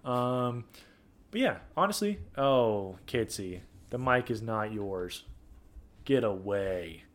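A man's voice: on the low side, expressive, slow pace. A young man hosting a casual podcast chat, joking and laughing often. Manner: joking, laughs often, playful sing-song riffs. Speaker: podcast host.

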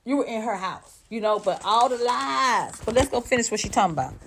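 Woman going off on celeb gossip, kinda high voice, cussing, sarcastic, lots of "how you gonna" type questions. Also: lively intonation, fairly quick, a bit bright, husky. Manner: blunt, profane, sarcastic, rhetorical questions. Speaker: commentator on celebrity news. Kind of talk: heated celebrity gossip commentary.

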